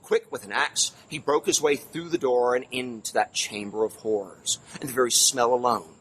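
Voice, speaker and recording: A man's voice: steady tone, normal speed, fairly bright tone, a little hiss or hum, rough recording. A man guiding a live ghost tour outdoors, telling a grim history in a dramatic, emphatic way. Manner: dramatic, emphatic storytelling with swings in pitch. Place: outdoors on a city street.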